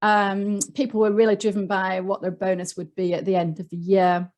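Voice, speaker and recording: Yorkshire woman on a work panel, mid pitch, lots of ums, earnest explainer. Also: level tone, moderate pace, darkish tone. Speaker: panel guest speaker on leadership. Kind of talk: online panel talk.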